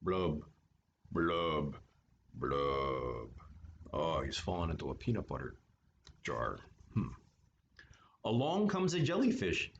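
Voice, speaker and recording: A man reading a children's picture book aloud at story time, with relaxed, chatty asides. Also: low voice, moderate pace, gravelly, pauses often, lo-fi sound, slight background noise. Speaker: story time reader for an art studio. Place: art studio.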